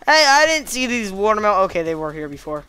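A woman's voice: medium pitch, very animated, fairly quick, sharp tone, smooth, faint music behind. A young woman hosting a casual gaming video, joking around and playfully meowing. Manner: goofy, joking, breaks into silly meowing. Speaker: gaming channel host. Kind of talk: casual game commentary.

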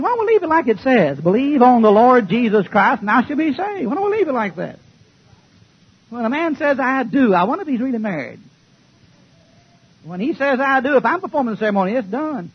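Brief: male preacher, high and husky, folksy, joking, sometimes shouting, old lo-fi church tape. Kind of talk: fiery sermon. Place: church before a congregation.

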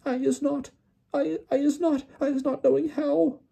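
A man's voice: very high-pitched, level tone, moderate pace, creaky, warm tone, pitched above the performer's own voice, heavily acted. Man doing a squealing terrified house-elf. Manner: stammering, broken grammar.

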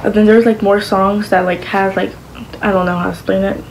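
A woman's voice: mid-range voice, level tone, a little fast, background noise. A woman vlogging in a casual chat to the camera, rambling along with lots of fillers and restarts.

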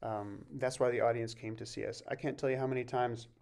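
A man teaching a vocal masterclass, explaining warm-ups and breathing in a relaxed way and breaking off to sing short examples. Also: mid-range voice, a little fast, gravelly. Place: music camp masterclass recording.

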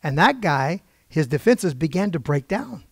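A man's voice: on the high side, big pitch swings, a little slow, no room sound, studio quality. An older man preaching in a storytelling style, acting out quoted voices with wry asides.

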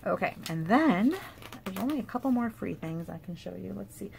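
A woman's voice: medium pitch, expressive, a little fast, vocal fry, darkish tone, slight background noise. Chatty woman showing craft supplies. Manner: chatty, enthusiastic, with fillers and asides. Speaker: paper craft demonstrator. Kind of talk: casual product show-and-tell.

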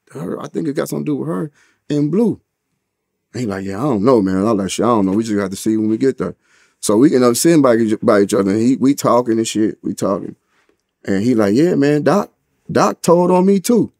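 A man telling a long street story during an interview, dropping profanity and slang all the way through. His voice sits in a middle pitch and jumps sharply upward when he acts out what others said. The sound is dry and close, with almost no room echo. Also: vocal fry. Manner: animated retelling with loud, high quoted exclamations. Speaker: interview guest. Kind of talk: casual storytelling.

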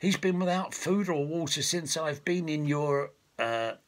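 A man's voice: fairly high pitch, lively intonation, a little slow, pitched above the performer's own voice. A man voicing a polite, earnest young prince in a storybook reading.

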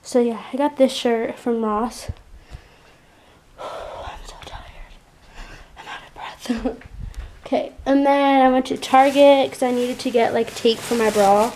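A woman's voice: fairly high pitch, fairly even intonation, slow pace, long pauses, darkish tone, a little hiss or hum. A young woman, a mom, chatting casually to her camera at home, full of "like" and fillers. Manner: chatty, filler-heavy with lots of "like". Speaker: mom vlogger. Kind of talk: casual vlog chat. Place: at home in an apartment, indoors. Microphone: handheld point-and-shoot camera.

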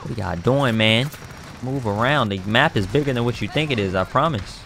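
A man commentating his own online shooter matches in casual slang, excitable, trash-talking other players and bursting into shouts. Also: mid-range voice, normal speed, creaky, a little hiss or hum. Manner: casual slang-heavy banter. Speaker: gaming YouTuber. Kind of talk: live gameplay commentary.

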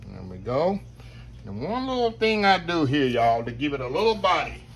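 A cooking show host leads an informal demo, speaking straight to the audience in a folksy manner and saying "y'all" all the time. His fairly high, creaky voice swings widely in pitch at a normal speed, with slight background noise.

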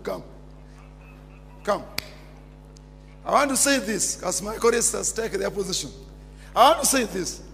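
A man preaching a sermon as pastor, emphatic and repetitive, bursting into shouts. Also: sits high, vocal fry. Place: church. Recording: long church reverb with music behind.

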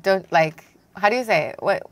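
A woman's voice: mid-range voice, dry recording. An American woman streaming a cooking video game, chatting casually in a playful, giggly way. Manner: playful, giggly, quick asides.

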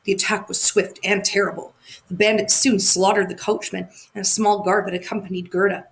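A woman narrating a fairy tale aloud, expressive and sometimes correcting her own slips. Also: mid-range voice, fairly quick, gravelly. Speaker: audiobook narrator. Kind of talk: storybook reading.

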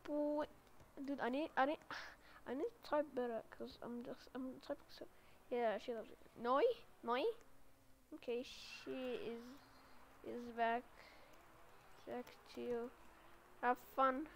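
A woman's voice: fairly high pitch, fairly even intonation, slow pace, long pauses. A woman giving casual gameplay commentary as a gaming YouTuber, chatty and reading internet slang aloud. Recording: loud game car-engine noise behind.

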